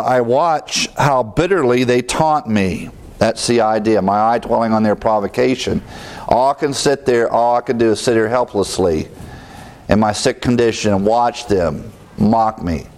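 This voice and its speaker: A man's voice: medium pitch, a little mellow. A middle-aged man teaching verse by verse through a Bible book, conversational, with fillers and chuckles.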